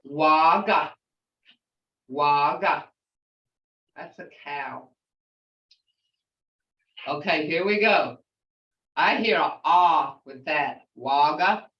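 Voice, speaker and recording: Slow-spoken older woman teaching a language. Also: low voice. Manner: slowly repeats words to model pronunciation; outspoken. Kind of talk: language class lesson. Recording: roomy, distant, dull lo-fi sound.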